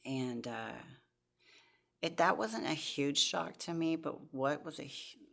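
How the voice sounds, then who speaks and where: A woman's voice: low-pitched, slow pace, gravelly, fairly bright tone. A woman in her forties, a podcast guest, earnestly telling her personal testimony with many restarts.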